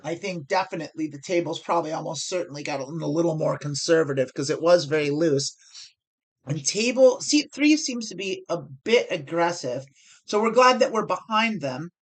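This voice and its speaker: A woman's voice: deep voice, animated, normal speed. An American woman streaming online poker, explaining her decisions as she thinks aloud and corrects herself. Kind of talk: live-stream strategy commentary.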